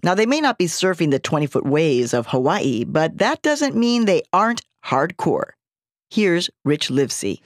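A woman's voice: on the low side, sing-song, moderate pace, no echo, clean studio sound. A woman reporter narrating a scripted radio feature with a wry, playful delivery.

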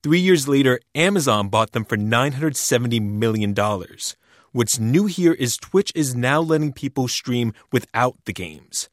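Male radio reporter, measured scripted narration, dry studio sound. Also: medium pitch, animated, no room sound. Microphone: studio mic.

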